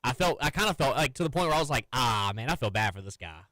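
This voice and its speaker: A man working as a sports radio producer, chiming in with understated, deadpan remarks in the studio. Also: mid-range voice, fast talker, dry recording. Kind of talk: casual sports radio banter.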